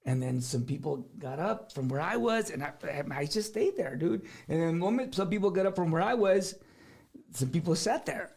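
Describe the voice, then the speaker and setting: High, animated man. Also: normal speed, vocal fry. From South Texas. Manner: animated, laughing, repeats words. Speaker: guest musician. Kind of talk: casual storytelling.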